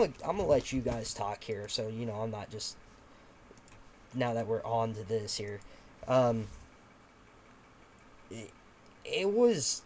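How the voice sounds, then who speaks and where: A man's voice: mid-range voice, a little mellow, a little hiss or hum. A young man chatting casually as a podcast host. He rambles, leans on fillers, and drops in offhand swearing as he talks.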